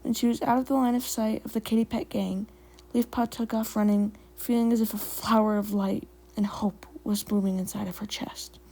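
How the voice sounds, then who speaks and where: A woman with a fairly high voice and noticeable vocal fry narrates a story at an easy pace. Between passages she slips into relaxed, self-deprecating chat. She sounds like a casual home storyteller. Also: normal speed, rough recording. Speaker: fan fiction reader and channel host.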